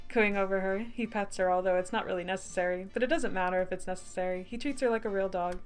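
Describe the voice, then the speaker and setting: A woman's voice: lowish voice, fairly even intonation, fast talker, hardly any pauses, faint music behind. Chatty woman streamer, giggly. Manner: chatty, laughs often, reads game text aloud. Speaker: streamer, game developer. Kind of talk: casual let's-play narration.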